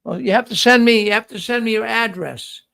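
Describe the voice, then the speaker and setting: A man's voice: very high-pitched, brisk, creaky, sharp tone, clean tone. A man hosting a casual live-stream quiz, jokey and playful, often repeating himself. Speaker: show host running a quiz.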